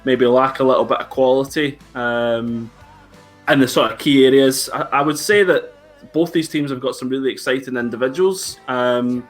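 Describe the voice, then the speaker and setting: Man, stream guest, upbeat but hesitant, mid-pitched, lots of fillers. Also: moderate pace, soft background music. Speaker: guest pundit. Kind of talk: casual live-stream chat.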